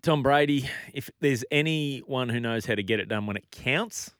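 A man's voice: mid-range voice, moderate pace, a bit bright, clear, resonant tone, dry recording, studio quality. A man co-hosting a radio show, chatting about sport in an easygoing, rambling way. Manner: easygoing, rambling, chuckles often. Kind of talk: casual sports chat on air.

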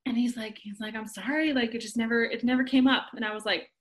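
Animated woman telling a story. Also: a little high, fast talker. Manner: animated, acts out quotes, laughs often. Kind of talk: casual chat.

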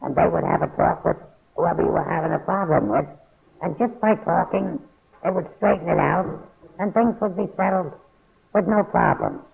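A man's voice: on the high side, expressive, moderate pace, creaky. An older man from New York telling a blunt, profane story from his past in a casual, matter-of-fact way. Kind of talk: casual spoken memoir. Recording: phone-like narrow band.

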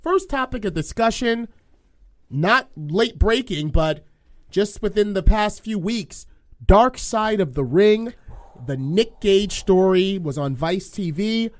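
A man's voice: high-pitched, expressive, takes it slowly. A man hosting a podcast, leading segments with upbeat presenter patter. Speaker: podcast host. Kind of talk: casual podcast chat.

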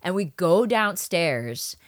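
Woman, thirties, podcast co-host, casual chat, animated storyteller, very lively pitch, dry close recording. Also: slow, dry recording. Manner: animated, acts out voices in her stories, swears freely.

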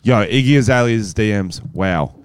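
A man's voice: fairly low pitch, moderate pace, a little hiss or hum. A man co-hosting a podcast, crude and joking in casual chat. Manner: crude, joking, animated storytelling. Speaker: podcast co-host.

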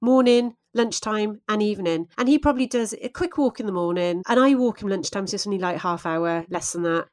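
A woman's voice: mid-range voice, fairly quick, hardly any pauses. Chatty British woman co-host. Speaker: podcast co-host. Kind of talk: casual podcast chat.

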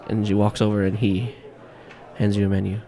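A man narrating a tabletop game as game master, in a rambling, halting way full of fillers. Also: on the low side, flat delivery, dark tone.

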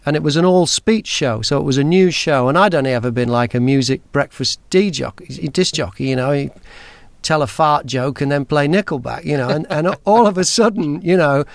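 A man's voice: on the high side, brisk, vocal fry, no room sound. A man, hosting a podcast and telling stories in a chatty, jokey way. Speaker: podcast host. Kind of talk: casual chat.

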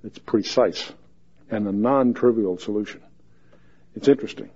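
A man's voice: fairly low pitch, normal speed, warm tone, slightly rough, dull audio. A man giving a verse-by-verse Bible teaching in a folksy, joking way, reading scripture aloud with rising emphasis.

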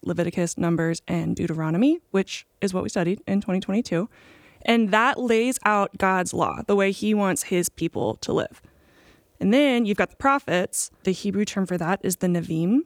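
Woman calmly explaining on a podcast. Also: medium pitch, dry recording, studio quality. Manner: steady, informative explaining. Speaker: podcast co-host. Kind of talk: casual podcast discussion.

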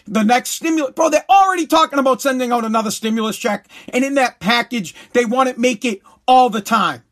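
A man ranting heatedly in a commentary, swearing, repeating himself and breaking into shouts. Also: very high-pitched. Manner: heated, profane, repetitive, bursts into shouting.

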